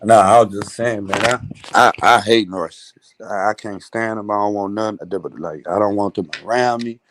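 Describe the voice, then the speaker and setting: Man, lowish voice, blunt, emphatic, profane casual chat. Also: fairly even intonation, normal speed, a bit bright, a little hiss or hum.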